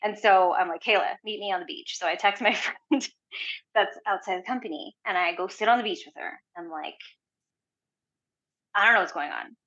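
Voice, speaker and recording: A woman guest telling a story in casual conversation, chatty and animated, filling her talk with "like". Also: mid-range voice, moderate pace. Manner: chatty, heavy use of "like", animated retelling. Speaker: podcast guest. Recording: dull lo-fi audio.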